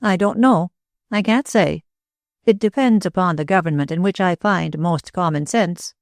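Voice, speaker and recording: A woman voicing a small, intense older male inventor who speaks in a grave, deliberate way in an audiobook. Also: lowish voice, no echo, clean studio sound, natural voice.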